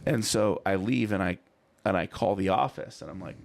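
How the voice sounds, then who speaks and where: A man's voice: sits low, moderate pace, vocal fry. A man co-hosting a podcast in a small studio, chatting casually and spinning a rambling story full of "you know" and "I'm like". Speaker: podcast co-host. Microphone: studio mic.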